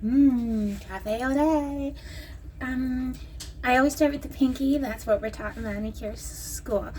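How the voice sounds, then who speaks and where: A woman's voice: high-pitched, a little slow. A woman chatting to camera at home as a vlogger selling nail strips, rambling and joking as she goes. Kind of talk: casual chat to camera. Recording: distant mic with clear background noise.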